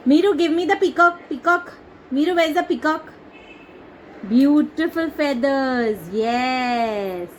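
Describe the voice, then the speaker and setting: A young Indian woman with an Indian English accent, coaxing her toddler in slow, sing-song baby talk and making animal sounds. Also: sits high, a little hiss or hum, low-quality recording. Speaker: mother teaching her toddler.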